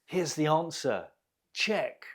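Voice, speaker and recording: A man hosting an English quiz lesson, slowly modelling words with deliberate pronunciation. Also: fairly high pitch, big pitch swings, breathy edge. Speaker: English teacher.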